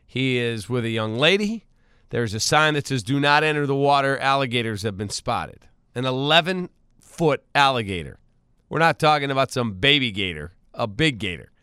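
A man's voice: medium pitch, animated, moderate pace, sharp tone, smooth, no room sound, studio quality. A man hosting a radio talk show, telling news stories in a wisecracking, casual way and laughing easily. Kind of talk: casual morning radio banter.

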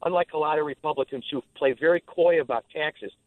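A man speaking as a former state legislator guest in a radio interview, starting haltingly and then talking with animation. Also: on the high side, dry recording. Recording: tinny dry phone line.

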